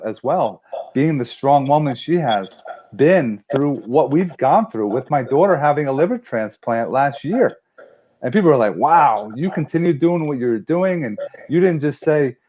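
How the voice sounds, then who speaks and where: Candid man on dull lo-fi audio. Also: fairly high pitch. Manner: candid, reflective, with restarts. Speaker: guest. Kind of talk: personal conversation. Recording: dull lo-fi audio with faint noise.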